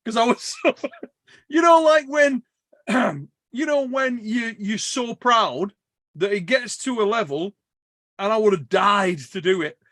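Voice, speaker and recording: A man's voice: high-pitched, measured pace, no echo, clean studio sound. A man hosting a podcast, telling a story in casual chat, swearing and laughing as he goes. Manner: animated, swears a lot, laughs while telling stories. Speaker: podcast host.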